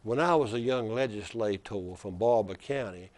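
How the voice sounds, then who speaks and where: A man imitating an old Southern governor with a deep Alabama Black Belt accent, coaxing and repeating a younger lawmaker's nickname. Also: normal speed, darkish tone, natural voice. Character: older male Southern governor, drawling and coaxing.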